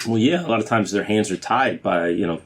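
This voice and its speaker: A man guesting on a podcast, talking in a relaxed, easygoing way. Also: lowish voice, brisk, noisy background. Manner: relaxed, easygoing, laughs along. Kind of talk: casual chat.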